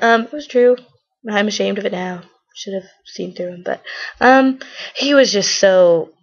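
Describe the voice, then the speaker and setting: A woman's voice: fairly low pitch, creaky, muffled recording. A teenage girl vlogging, retelling a falling-out with a friend in a rambling, gossipy way. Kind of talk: casual storytelling to camera.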